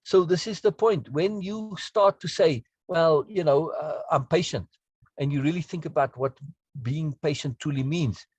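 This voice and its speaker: A man's voice: a little high, moderate pace, darkish tone, breathy edge, no room sound. A man teaching a self-help course, explaining in an earnest, emphatic way and often checking in with the listener. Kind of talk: spoken lesson on self-talk.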